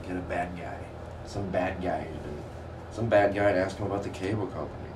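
A man's voice: deep voice, a little fast. A man hosting his own podcast, rambling in a goofy, self-mocking solo monologue over a noisy background. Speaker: podcast host.

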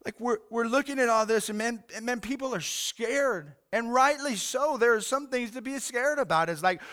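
Male pastor, 40s, high smooth voice, earnest, halting sermon delivery. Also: fairly bright tone. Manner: earnest, halting, repeats words, says "man" often.

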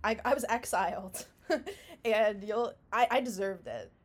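A young woman from Canada co-hosting a podcast in casual chat, self-mocking and quick to laugh. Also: medium pitch. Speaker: podcast co-host.

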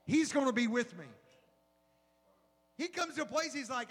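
A middle-aged man and pastor preaching a sermon, animated and full of rhetorical questions. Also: very high-pitched, normal speed, pauses often, slightly rough. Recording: long hall reverb.

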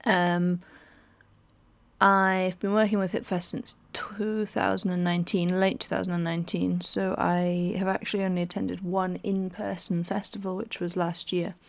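A woman's voice: fairly low pitch, vocal fry. A woman presenting a podcast as a festival's online coordinator, chatting casually and enthusiastically and often laughing.

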